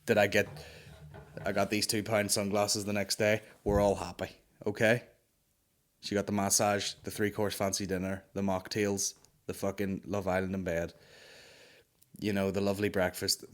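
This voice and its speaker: A man's voice: on the low side, completely flat delivery, moderate pace, a bit bright. A man hosting a comedy podcast, telling a story in an exasperated, sweary ranting way. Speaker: podcast host. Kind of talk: comic storytelling rant.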